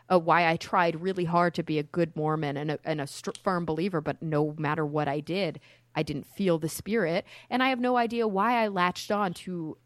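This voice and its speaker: Casting: American woman, low register, outspoken and animated guest, dry close sound. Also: dry recording. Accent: none, no Southern accent. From Texas, USA. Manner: outspoken, animated, talks in long rambling stretches. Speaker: guest, science communicator. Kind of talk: casual podcast interview.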